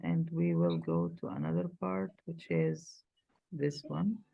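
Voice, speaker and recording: A woman with an Egyptian accent teaching an English class online, explaining rapidly in Arabic and slowing down for careful English. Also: low-pitched, big pitch swings, gravelly, muffled recording. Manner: switches fast between Arabic and slow careful English.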